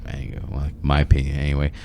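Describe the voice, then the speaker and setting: Low voiced podcast guy rambling along, lots of uh and like. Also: monotone, quick pace, vocal fry, darkish tone, a little hiss or hum. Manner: rambling, many fillers and restarts. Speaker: podcast host. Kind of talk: casual discussion.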